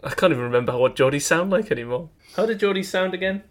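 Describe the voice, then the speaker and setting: A man's voice: fairly high pitch, lively intonation, fast, slight background noise. A man co-hosting a comedy podcast, playful and giggly, chatting casually and joking about accents. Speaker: podcast co-host.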